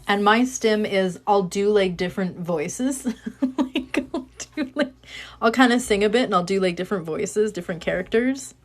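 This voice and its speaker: A woman in her thirties with a soothing voice, chatting casually and rambling softly while she crafts at home, speaking into a phone. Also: mid-range voice. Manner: chatty, rambling, soft-spoken. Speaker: craft livestreamer.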